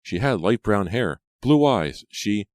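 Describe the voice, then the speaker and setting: A man's voice: lowish voice, sing-song, slow pace, darkish tone, no room sound, clean studio sound, pitched above the performer's own voice. A man reading the part of a panicked, terrified teenage boy in an audiobook, with a frantic, pleading manner. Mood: protesting.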